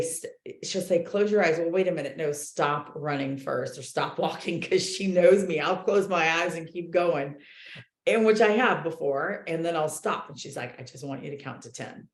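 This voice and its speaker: A woman coaching a book club group, talking in an animated, chatty way with many fillers. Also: low-pitched, roomy sound. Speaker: real estate coach leading a book club. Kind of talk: casual group talk, reading and commenting.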